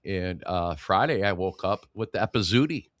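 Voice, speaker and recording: A man's voice: low voice, animated, normal speed, fairly bright tone, no echo, studio quality. An older man from Michigan co-hosting a casual political podcast, stuffed up from a cold and rambling as he talks. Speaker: co-host.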